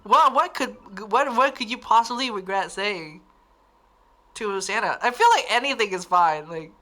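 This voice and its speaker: Lively, bright-voiced Northern Irish woman. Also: mid-range voice, normal speed, soft background music. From Northern Ireland. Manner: giggly, rambling with frequent restarts. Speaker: livestream host. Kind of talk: casual chat reading viewer comments.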